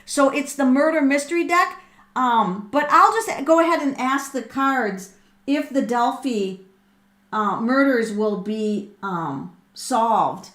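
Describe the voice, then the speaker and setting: A middle-aged woman hosting a live tarot reading, excitable and thinking aloud with frequent ums and repeated words. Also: high-pitched, slow. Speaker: tarot reader and livestream host.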